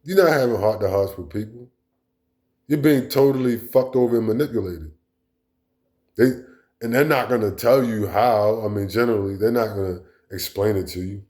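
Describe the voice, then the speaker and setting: A man's voice: mid-range voice, normal speed, pauses often, darkish tone. A man delivering a blunt, profane, rambling monologue as a vlog host. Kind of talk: casual monologue rant.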